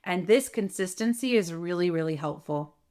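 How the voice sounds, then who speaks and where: Animated woman voice coach. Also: lowish voice, moderate pace. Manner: animated, demonstrates vocal changes, frequent "right?". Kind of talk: instructional talk to camera.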